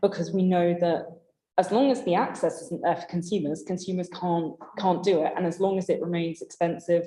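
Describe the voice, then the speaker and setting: Brief: woman, going hoarse, earnest guest at a council meeting, low tone, echoey room. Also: warm tone. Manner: earnest, thinking aloud with restarts. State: losing her voice. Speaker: guest presenting to council committee. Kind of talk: formal meeting answer.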